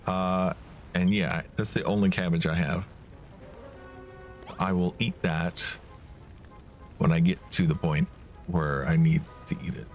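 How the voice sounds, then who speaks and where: A man's voice: low voice, fairly even intonation, measured pace, long pauses, faint music behind. A male streamer who mutters casual commentary to himself while playing a game. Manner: mutters to himself, self-commentary between read lines.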